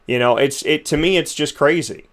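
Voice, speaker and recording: A man's voice: on the high side, normal speed, a bit bright. A male show host giving conversational opinion commentary, rambling and frustrated, and asking rhetorical questions.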